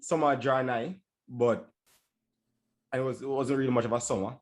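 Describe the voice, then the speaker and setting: A man's voice: mid-range voice, fairly even intonation, normal speed. A man co-hosting a podcast, chatting in an easygoing, rambling way. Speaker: podcast co-host. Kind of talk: casual podcast chat.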